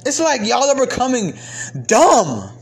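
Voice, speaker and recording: A man delivering a heated, profane commentary rant, swinging between raised outbursts and low, exasperated muttering. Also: expressive, normal speed. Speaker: commentary vlogger. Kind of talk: ranting commentary monologue.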